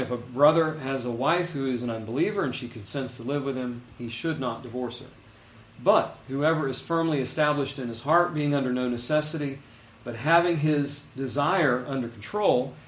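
A man preaching a sermon, reading scripture aloud and stressing key words with earnest emphasis. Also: medium pitch. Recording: roomy echo.

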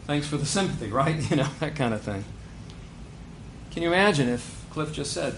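A pastor preaching a sermon, animated, building to near shouts on key points. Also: male voice, on the high side, a little slow, long pauses, slight background noise.

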